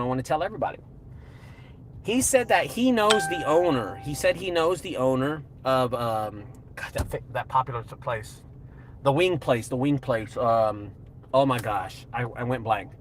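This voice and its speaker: Man, small business vlogger, animated storyteller, faint noise. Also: medium pitch, rough recording. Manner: animated storytelling, slangy and excitable. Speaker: junk removal business owner and channel host. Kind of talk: casual live video talk.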